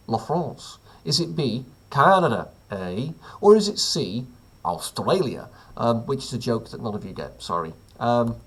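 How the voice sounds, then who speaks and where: A man's voice: medium pitch, husky. A man who teaches, reading out a weekly quiz at home with dry, offhand jokes between the questions. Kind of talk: casual quiz reading with asides.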